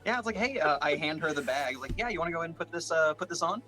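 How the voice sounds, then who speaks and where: Bright-voiced man player. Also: on the high side, animated, rapid-fire. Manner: easygoing, joking. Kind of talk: tabletop game chat and role-play.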